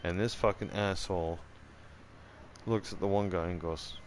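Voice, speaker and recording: A man hosting his own channel, telling a rough story in casual chat. He swears a lot, rambles, restarts his sentences and keeps checking in with "right?". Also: sits low, fairly even intonation, normal speed, a little hiss or hum.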